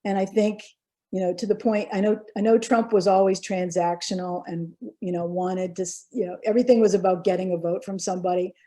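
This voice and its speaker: An earnest woman speaking in a panel discussion, her voice mellow and warm at a middling pitch. She tells a story at length, often restarting her sentences. She sounds like she is on a video call. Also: little pitch movement, brisk. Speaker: former political candidate.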